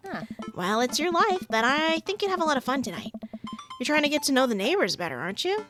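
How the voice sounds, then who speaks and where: A woman's voice: sits high, fast, soft background music, pitched above the performer's own voice. Woman reading as a cheeky teenage girl. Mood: teasing. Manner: teasing, deadpan quips. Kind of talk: reading game dialogue aloud.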